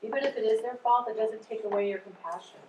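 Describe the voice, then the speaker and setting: A woman in the class adding a soft comment from her seat. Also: on the high side, steady tone, fast talker. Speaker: class member. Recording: distant echoey room with noise.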